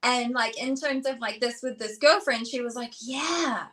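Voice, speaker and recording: A woman's voice: fairly high pitch, normal speed, fairly bright tone. A woman co-hosting a relationship talk show, chatting casually with many fillers and acting out little quotes. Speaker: co-host, relationship expert. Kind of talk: casual chat.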